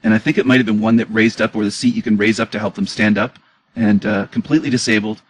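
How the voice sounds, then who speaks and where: A man's voice: fairly low pitch, fairly even intonation, fast talker, slight background noise, poor audio. A man giving an indignant, emotional reaction commentary on clips, repeating his questions as he argues.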